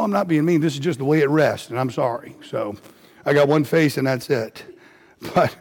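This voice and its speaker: A man's voice: high voice, vocal fry. A man preaching a sermon, reading scripture and telling stories in a conversational way. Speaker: pastor.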